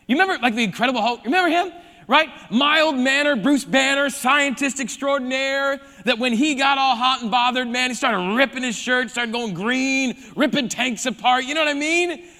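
A male preacher with a high, bright voice tells a Bible story with animated energy and playful asides. His voice carries a long reverb, like a large hall. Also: normal speed. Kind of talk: sermon.

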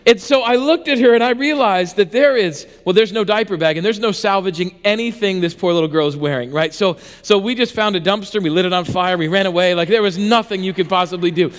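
A male pastor with a high, light voice delivers a sermon in a church hall where his words ring out with long reverb. He talks like a self-mocking storyteller, animated and conversational, often stumbling and restarting before landing a point. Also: a little fast, hardly any pauses. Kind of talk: sermon with a comic personal story.

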